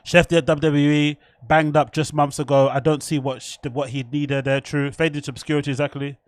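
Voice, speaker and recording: A man's voice: on the high side, a little fast, no echo. A young man, hosting a casual live stream, reacting to chat and a fight, swearing and laughing often. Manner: excitable, swears a lot, laughs often, mock French bits.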